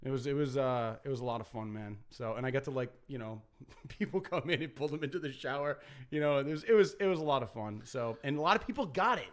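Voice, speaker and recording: A man's voice: medium pitch, fast. Laid-back young man chatting on a podcast. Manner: relaxed, rambling storyteller with many fillers. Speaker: podcast host. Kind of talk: casual chat.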